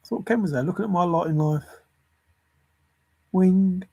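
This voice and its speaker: A man with a slightly high, gravelly, husky voice talks slowly to himself, reeling off word lists and chuckling. The sound is dry and close, with no room around it. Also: dark tone, dry recording, muffled recording. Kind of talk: rambling solo puzzle musing.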